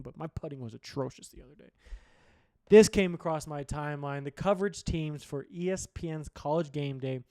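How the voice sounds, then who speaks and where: A man's voice: fairly high pitch, darkish tone, no echo, studio quality. A man hosting a sports show, giving blunt, profane opinions in a rambling solo rant. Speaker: sports podcast host.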